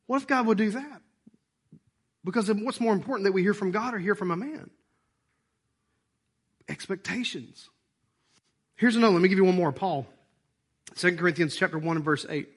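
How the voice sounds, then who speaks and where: A man preaching a sermon in church, animated and hoarse, with a worn-out voice. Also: high voice, a little fast, long pauses. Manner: animated, acts out voices and asides. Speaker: pastor.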